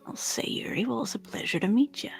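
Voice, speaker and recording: A woman's voice: medium pitch, big pitch swings, measured pace, vocal fry, faint music behind. A woman voicing a tinkerer character in a whispered role-play, drawling and hesitant. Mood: wry. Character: character named Nayland, a gruff tinkerer.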